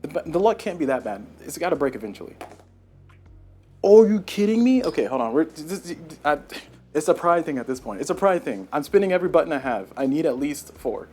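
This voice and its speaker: A man playing a solo board game live on stream, talking through each move and getting loudly exasperated over bad dice rolls. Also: on the high side, expressive, fast, slight background noise.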